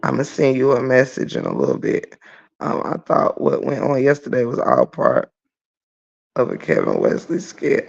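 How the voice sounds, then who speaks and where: A man rants bluntly on his livestream, swearing freely and answering his chat. His voice is gravelly, and his pitch swings widely. The audio sounds dull and lo-fi. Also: huge pitch swings, normal speed. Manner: blunt and profane, shouts in laughter. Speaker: livestream host reading chat. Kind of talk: casual livestream rant.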